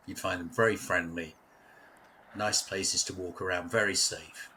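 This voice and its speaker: A man's voice: sits low, steady tone, a little slow, sharp tone, a little hiss or hum. An English man from West London, chatting casually as a local guest and telling stories with frequent laughs. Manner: chatty storyteller, laughs often. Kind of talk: casual conversation.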